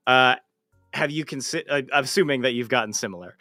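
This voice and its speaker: Man, stream host, mid-pitched, halting questions, dry sound, faint music under. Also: pushed and bright, smooth, no echo. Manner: halting, lots of uh fillers. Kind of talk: casual livestream interview.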